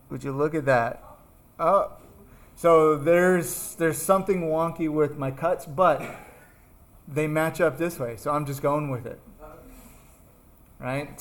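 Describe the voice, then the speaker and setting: A man teaching a craft class, talking through his steps as he works, casual and chatty. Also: mid-range voice. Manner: chatty, thinking aloud while working. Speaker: art instructor. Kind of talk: live classroom demonstration.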